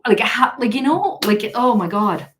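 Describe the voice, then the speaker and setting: A woman's voice: on the high side, animated, normal speed, a bit bright, a little hiss or hum. A woman hosting a tarot live stream, telling a story in a casual, chatty way and often laughing as she reads viewer comments. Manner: chatty, laughs often, many fillers and restarts.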